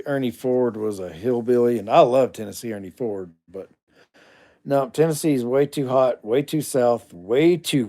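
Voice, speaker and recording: A man's voice: medium pitch, darkish tone. A middle-aged man hosting a casual livestream, reading viewer comments aloud and answering them bluntly, with asides muttered under his breath.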